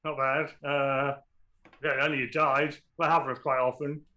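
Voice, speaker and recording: A man's voice: mid-range voice, little pitch movement, a little slow, pushed and bright. A man narrating and running a tabletop game as game master, casual and often laughing. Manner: casual, laughing, loose with fillers.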